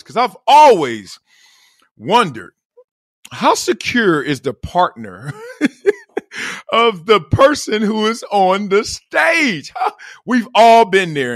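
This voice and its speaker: Animated middle-aged man telling stories. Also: fairly high pitch, dry recording, studio quality. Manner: animated, acts out quoted voices, laughs often. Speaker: podcast host. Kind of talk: casual storytelling monologue.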